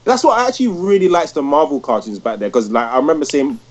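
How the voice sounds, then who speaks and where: A man's voice: on the high side, expressive, quick pace, darkish tone. A man in his thirties, chatting casually as a podcast co-host and telling long, rambling stories full of "like". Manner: rambling storyteller, heavy use of "like". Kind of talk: casual chat.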